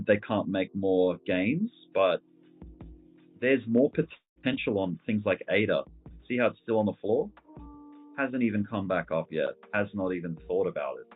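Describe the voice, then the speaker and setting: A man hosting casual crypto market commentary, laid-back and slangy, thinking aloud as he scrolls through charts. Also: lowish voice. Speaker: host. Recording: phone-like lo-fi audio with faint music.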